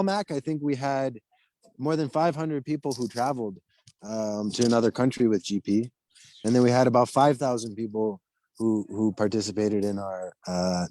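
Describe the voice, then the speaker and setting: A man chatting as a guest over a video call, rambling and reflective, with lots of pauses and restarts. His voice is low and warm, and the sound is dry and close. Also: no room sound, low-quality recording. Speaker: guest, former program leader. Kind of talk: casual interview chat.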